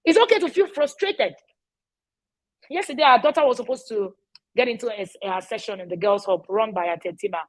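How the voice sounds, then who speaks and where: The low-quality recording captures a middle-aged woman educating parents in a casual style, her high voice full of lively intonation and fairly quick. She is emphatic, says key phrases more than once and frequently checks in with "all right?".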